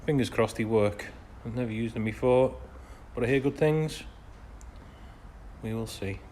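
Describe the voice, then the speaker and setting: A man's voice: medium pitch, a little slow, a little mellow, slight background noise. A man narrating his classic car restoration work in a garage workshop, grumbling with dry sarcasm between practical explanations.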